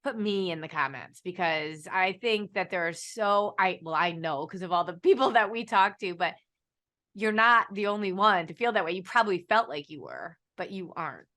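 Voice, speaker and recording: An upbeat woman hosts a live-stream chat with a bright, forceful edge to her voice. She encourages her guest and speaks straight to the viewers, keeping the talk lively. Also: on the low side, normal speed. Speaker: host, nutrition business owner.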